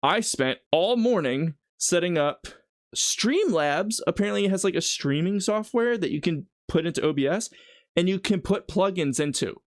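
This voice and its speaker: A chatty man hosts a casual live stream from his home kitchen, rambling on to his viewers as he gets on with the cooking. His voice sits a bit high for a man and comes across lightly. The sound is dry and close, with almost no room echo. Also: expressive, normal speed. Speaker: livestreamer.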